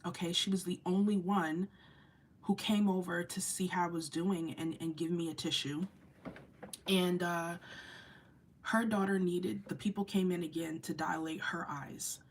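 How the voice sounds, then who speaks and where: A woman's voice: lowish voice, steady tone, unhurried, slight background noise. A woman vlogger and mother telling an emotional personal story to camera, earnest and candid, in a chatty way full of fillers. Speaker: vlogger and mother of an autistic child.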